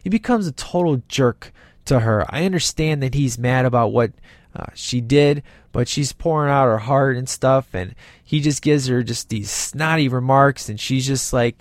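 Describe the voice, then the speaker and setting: A man's voice: medium pitch, normal speed, dry recording, studio quality. A man casually reviewing a movie with enthusiasm, retelling scenes and acting out the characters' lines as he goes.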